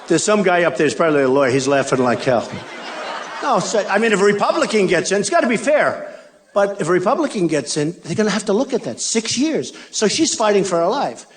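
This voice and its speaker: This is a high-pitched, very animated older man speaking briskly at a rally in a large arena, with slight background noise and a faint crowd. A political candidate, he's boastful and repetitive, peppering the speech with mocking asides.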